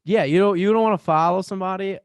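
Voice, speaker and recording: A man's voice: high-pitched, fast, smooth, no room sound. Laid-back young man, teasing. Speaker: podcast co-host. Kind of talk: casual chat.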